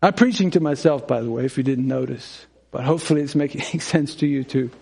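A man's voice: medium pitch, fairly quick, gravelly, darkish tone, slightly rough. A man preaching a sermon in a conversational way, often chuckling and asking his congregation questions. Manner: conversational, acts out dialogue, asks congregation questions.

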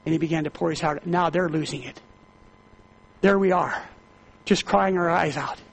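A man's voice: a little high, fairly even intonation, moderate pace, vocal fry. A middle-aged man, a prison minister, telling a testimony sermon with fervent, emotional storytelling and repeated phrases.

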